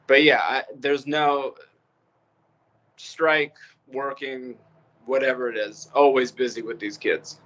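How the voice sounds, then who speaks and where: A man in his forties, a guest on a casual podcast, talking relaxed and joking with many fillers. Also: medium pitch, slow pace, long pauses, lo-fi sound. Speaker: actor, guest. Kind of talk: casual interview chat.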